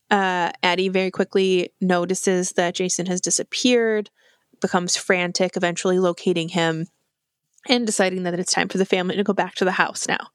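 A woman's voice: medium pitch, no echo, studio quality. A woman co-hosting a horror podcast, recapping the plot in casual chat, swearing freely and acting out characters' lines. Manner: animated, swears freely, acts out characters' lines in quick impressions.

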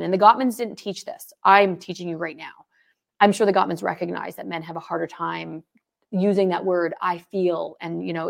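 A medium-pitched woman with vocal fry co-hosts a marriage podcast, where she works as a coach. She keeps it casual but energetic, dramatizing example phrases.

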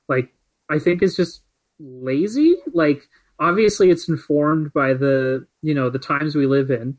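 A man co-hosting a relaxed podcast chat, voice sitting a little high for a man. He rambles through his points and stuffs them with filler words. His tone is loose and conversational. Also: unhurried, rough recording. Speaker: podcast co-host. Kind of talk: casual chat.

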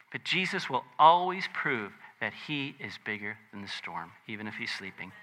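A man preaching a conversational sermon, animated and chatty, with joking asides. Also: on the high side, moderate pace. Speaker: pastor.

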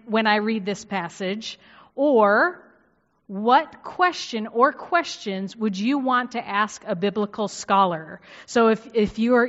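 A woman's voice: medium pitch, in a large hall, dull audio. A woman pastor leading a group through a scripture exercise, reassuring and encouraging as she gives step-by-step instructions.

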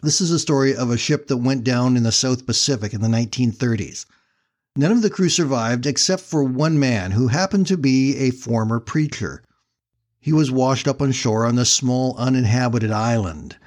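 An earnest man tells a sermon story at an easy, steady pace. His voice sits at a middling pitch, and he moves from the tale into the lesson without fuss. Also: normal speed. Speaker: preacher.

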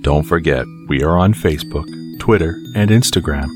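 Male sleep-podcast host, low and steady, scripted bedtime narration over soft fiddle. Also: moderate pace, music in the background.

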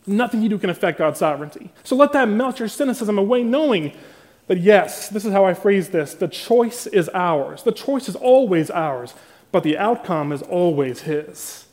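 A man's voice: high voice, lively intonation, normal speed, a little mellow. A male pastor preaching a morning sermon, reading scripture and then driving his point home with emphatic, building intensity.

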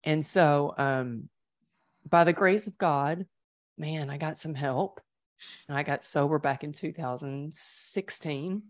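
Low-voiced earnest woman, dry sound. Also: takes it slowly, no echo. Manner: earnest, emotional, many restarts. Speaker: guest sharing her recovery story. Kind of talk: candid interview conversation.

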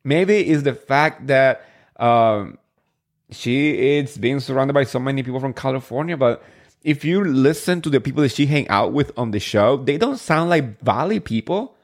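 A man's voice: medium pitch, animated, moderate pace. A man in his thirties hosting a casual recap podcast, chatting in a gossipy way and firing off rhetorical questions. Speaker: podcast host. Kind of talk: casual reality-TV recap chat.

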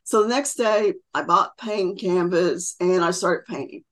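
A woman's voice: lowish voice, a little slow. Interview guest, middle-aged woman, chatty storyteller who acts out quotes. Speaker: podcast guest.

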